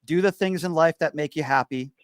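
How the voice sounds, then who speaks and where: A man's voice: fairly high pitch, brisk, no room sound, studio quality. A man hosting a call-in show, earnest and reassuring as he talks to callers. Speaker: host.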